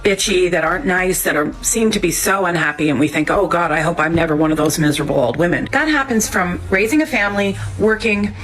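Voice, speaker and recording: A woman's voice: on the low side, fast talker, hardly any pauses, fairly bright tone, low-quality recording. An older woman speaking to camera in a vlog, candid and emphatic. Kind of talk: vlog confession.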